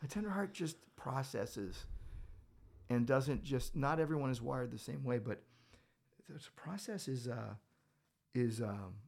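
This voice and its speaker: Here a male pastor talks unhurriedly in a creaky, mid-range voice, leaving long pauses as he discusses Bible verses on a casual podcast. His storytelling is lively, with small scenes acted out and quoted lines performed.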